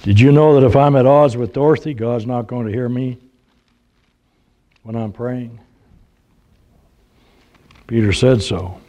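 A man's voice: mid-range voice, a little slow, pauses often, warm tone. An older man preaching a sermon, telling folksy humorous stories and acting out the voices he quotes.

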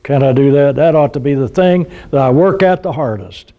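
A man's voice: mid-range voice, moderate pace, narrow, tinny audio. An older man preaching a sermon, telling folksy humorous stories and acting out the voices he quotes.

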